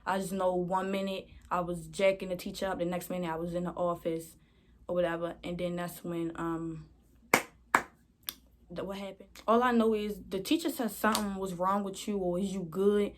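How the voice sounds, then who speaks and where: A woman's voice: on the low side, flat delivery, normal speed, slight background noise. Rambling slangy young woman vlogger. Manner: rambling, slangy, addresses viewers as y'all. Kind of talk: casual storytime.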